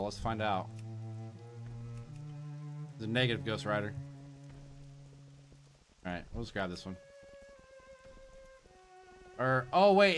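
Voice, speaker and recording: A man streaming gameplay late at night from a quiet home, sleepy and punchy, rambling and joking to himself as he plays. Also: mid-range voice. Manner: rambling and jokey, talking to himself. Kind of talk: casual gameplay commentary.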